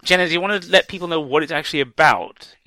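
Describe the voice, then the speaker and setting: A man's voice: fairly high pitch, quick pace, sharp tone, dry recording. A man co-hosting a podcast, talking casually and thoughtfully about a film, with frequent fillers and restarts. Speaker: podcast co-host.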